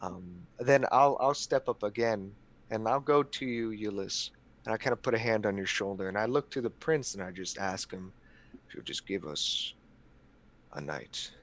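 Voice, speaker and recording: A man's voice: lowish voice, moderate pace. A man playing in a tabletop game, describing his character's actions hesitantly with many fillers. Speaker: player. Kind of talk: tabletop role-play chat.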